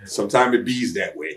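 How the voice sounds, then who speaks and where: His voice sits on the high side with vocal fry. As an interview guest in a sit-down shoot interview, he tells streetwise stories bluntly and acts out the lines of the people in them.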